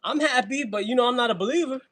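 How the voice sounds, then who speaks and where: Husky Brooklyn guy chatting mid-workout. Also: very high-pitched, quick pace, fairly bright tone, low-quality recording. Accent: New York. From Brooklyn, New York. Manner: slangy, laughing, chatty between sets. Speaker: fitness livestream host. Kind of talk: casual livestream chat while working out.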